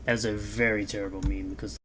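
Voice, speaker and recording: A man's voice: lowish voice, little pitch movement, brisk, a bit bright. A man in a played video clip, commenting sarcastically and indignantly on what he reads.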